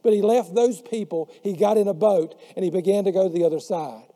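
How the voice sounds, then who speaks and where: A man preaching a sermon who slows down and drops his voice on the words he wants to stress. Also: sits high, dark tone. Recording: long hall reverb.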